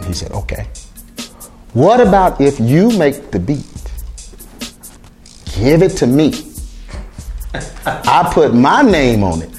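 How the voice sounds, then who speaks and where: A man's voice: medium pitch, slow, pauses often. A middle-aged man, a music producer, telling his story in conversation and acting out the voices of the people he quotes. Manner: lively retelling that acts out quoted dialogue.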